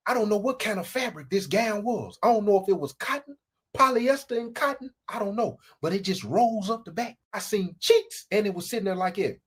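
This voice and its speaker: A woman telling a comic story in slangy, animated fashion, acting out voices and sound effects. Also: medium pitch, fairly quick, breathy edge. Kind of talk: comedic storytelling.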